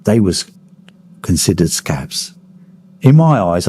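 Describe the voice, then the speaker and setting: A man's voice: lowish voice, normal speed, dark tone, breathy edge. A man, a former miner giving a blunt oral history interview, swearing freely as he tells his stories. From Kent, England.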